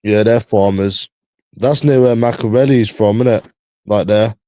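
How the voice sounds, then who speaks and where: A man's voice: on the low side, unhurried, warm tone, no echo. Rambling, slangy East London man. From East London, England. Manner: slangy, repeats himself, loose rambling talk. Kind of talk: casual chat.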